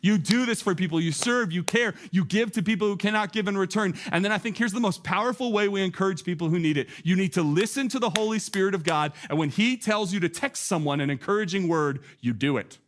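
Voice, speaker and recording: A male pastor preaching a sermon in a loose, conversational way. His voice sits a little higher than most men's, and he is animated, drops in casual asides and keeps talking straight to his listeners. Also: fast, few pauses.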